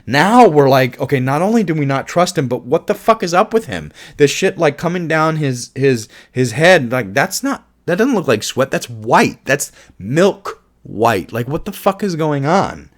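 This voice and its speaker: A man's voice: a little high, big pitch swings, moderate pace, hardly any pauses. Man, casual movie review, enthusiastic, curses a lot, restarts sentences, laughs often. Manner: enthusiastic, swearing, laughs at own jokes; rambling with frequent restarts.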